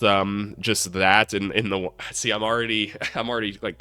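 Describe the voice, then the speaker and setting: Hoarse, sick-sounding man, joking sports talk. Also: fairly low pitch, pushed and bright, no echo. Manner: joking, profane, self-deprecating. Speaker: basketball commentary channel host. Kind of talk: casual sports commentary.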